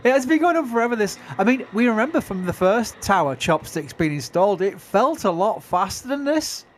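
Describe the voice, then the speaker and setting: A man's voice: high-pitched, animated, a little fast, a little hiss or hum. A middle-aged man with a Yorkshire accent, commentating a livestream in casual, self-mocking chat. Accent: Yorkshire English. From England. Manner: chatty, self-mocking, laughs often.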